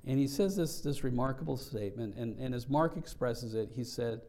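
Man, pastor, sermon, gravelly, warm and dark tone, earnest, reflective. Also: medium pitch, animated, moderate pace. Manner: earnest, reflective teaching with frequent restarts.

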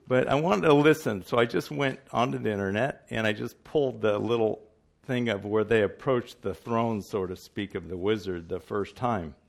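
Gravelly, low-voiced male preacher. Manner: conversational, halting, self-deprecating. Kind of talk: sermon.

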